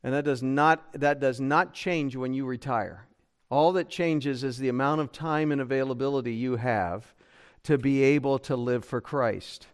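A man's voice: mid-range voice, normal speed, clean tone. A man preaching a sermon as a pastor, emphatic, with rhetorical questions and frequent restarts.

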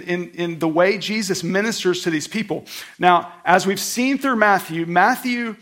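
A man preaching a sermon in a conversational style, swinging between loud outbursts and soft, hushed passages. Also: high voice, vocal fry. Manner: conversational, self-deprecating preaching. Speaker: pastor.

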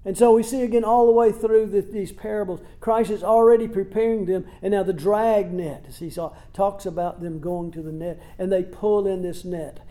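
A man's voice: high-pitched, steady tone, moderate pace, hardly any pauses, mellow. A man preaching a sermon in a plain, conversational way, asking rhetorical questions and retelling scripture in everyday words. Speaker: pastor. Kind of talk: expository sermon.

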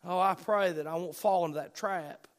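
High-voiced man preaching fervently. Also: normal speed. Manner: fervent preaching, swings from loud bursts to soft asides. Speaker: pastor. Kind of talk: sermon.

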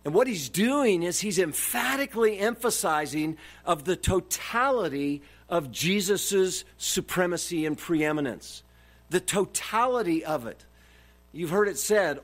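A man's voice: high-pitched, lively intonation, unhurried, fairly bright tone. A man preaching a sermon, emphatic and repeating his key phrases for stress. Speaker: pastor.

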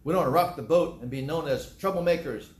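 A male pastor delivering a sermon, conversational but breaking into loud emphatic bursts. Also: fairly high pitch, fast. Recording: echoey room.

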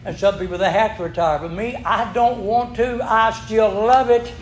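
A man's voice: high-pitched, fairly even intonation, normal speed. An older man, telling ministry stories in a folksy, chuckling, repetitive way. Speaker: ministry worker. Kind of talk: folksy testimony storytelling. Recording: echoey room with background noise.

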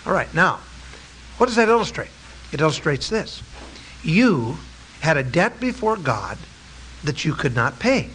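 A man preaching a sermon, emphatic, with drawn-out stresses and rhetorical questions to his listeners. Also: fairly high pitch, big pitch swings, fairly bright tone, a little hiss or hum, rough recording.

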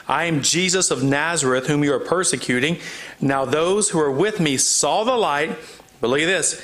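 A man teaching through a Bible passage, reading the verses aloud and explaining them in a relaxed, conversational way with frequent fillers. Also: on the high side. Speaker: pastor.

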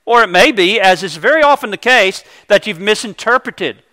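A man's voice: high voice, expressive, moderate pace, pushed and bright. A man preaching a sermon, earnest and explanatory, walking through a scripture passage with homely illustrations. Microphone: microphone.

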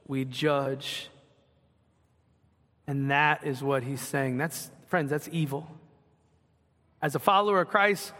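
A man preaches in an earnest, conversational way, circling back on his phrases to press a point. His voice sits high and bright. It rings out with the long reverb of a church sanctuary. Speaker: pastor. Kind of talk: sermon.

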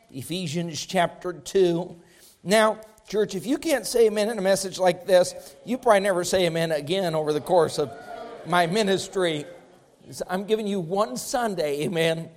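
Male preacher, high-pitched, emphatic sermon delivery with repetition. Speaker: pastor.

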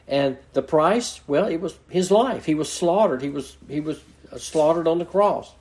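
A man's voice: fairly high pitch, expressive, normal speed, darkish tone. Earnest man preaching verse by verse. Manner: earnest, teacherly, explains scripture verse by verse. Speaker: pastor. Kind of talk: expository sermon.

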